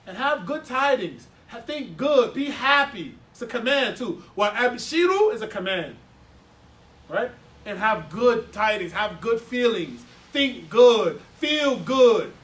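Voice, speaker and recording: A man teaching a lively religious class to a live audience, animated and playful, repeating words for emphasis and quizzing his listeners. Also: very high voice. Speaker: Islamic teacher giving a class. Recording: echoey room, voice from a distance.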